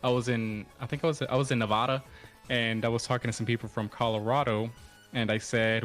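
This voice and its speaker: A man's voice: mid-range voice, steady tone, quick pace, fairly bright tone, soft background music. A man, a curious, easygoing guest in a casual chat who chuckles often. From Texas.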